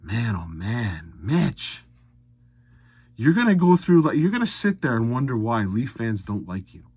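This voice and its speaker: A man delivering an opinionated hockey recap with a wildly animated pitch that leaps up when he rants and drops low when he mutters. His voice sits close and dry on the mic, with no room around it. He sounds blunt and exasperated throughout. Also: a little slow, husky, no room sound. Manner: blunt, exasperated, swings from muttered asides to loud ranting. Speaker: sports commentary vlogger.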